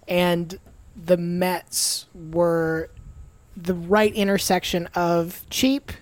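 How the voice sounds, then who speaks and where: A woman's voice: lowish voice, level tone, very slow, dry recording. A woman on a podcast in casual chat, hedging and self-deprecating. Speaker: podcast producer.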